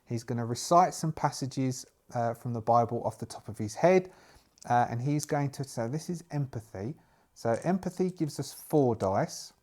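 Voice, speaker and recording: A man narrating his solo tabletop game, thinking aloud and pausing over his moves. His voice is mid-pitched and his delivery halting, full of restarts. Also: darkish tone.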